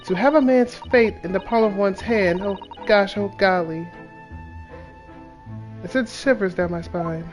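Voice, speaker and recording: A man's voice: high voice, unhurried, pauses often, faint music behind, voice pushed up. A man voicing a refined, mannered English lady client, reading game dialogue aloud with dramatic pleading. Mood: fluttery.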